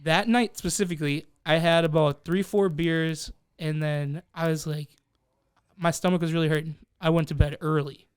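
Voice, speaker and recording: A man's voice: on the high side, moderate pace, smooth, no room sound, studio quality. A young man co-hosting a podcast, telling a story casually among friends, swearing freely and acting out what people said. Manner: profane, animated, acts out quoted voices. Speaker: podcast co-host.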